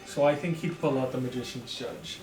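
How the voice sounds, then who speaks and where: A man's voice: medium pitch, steady tone, a little fast. A man playing a tabletop game, matter-of-fact as he plans moves and reads out his rolls. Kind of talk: casual game chat. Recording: far off in a roomy room with loud music.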